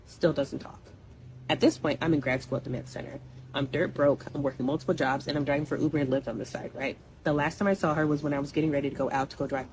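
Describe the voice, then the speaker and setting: Fast-talking low-voiced young woman. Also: slight background noise, poor audio. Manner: blunt, animated, conversational with asides. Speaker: storyteller. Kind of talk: casual personal storytelling.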